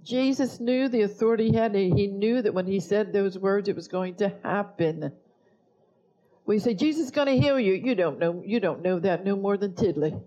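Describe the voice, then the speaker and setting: Blunt preacher with a mellow voice. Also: mid-range voice, steady tone, moderate pace, few pauses, highs cut off. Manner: forceful and blunt, scolding the congregation. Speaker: pastor. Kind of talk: sermon.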